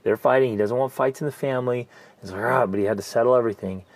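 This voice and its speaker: A man co-hosting a parenting podcast, telling coaching stories in an earnest, animated way and dropping to a soft, gentle tone. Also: mid-range voice, fast talker, no echo. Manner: earnest, animated storytelling, softens to near-whisper. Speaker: podcast co-host, family coach. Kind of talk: casual podcast chat.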